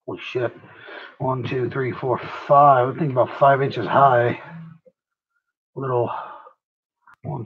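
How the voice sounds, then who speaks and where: A man's voice: medium pitch, dull audio, slight background noise. A man livestreaming while he works on a craft project, tired, rambling and profane, mocking himself as he goes.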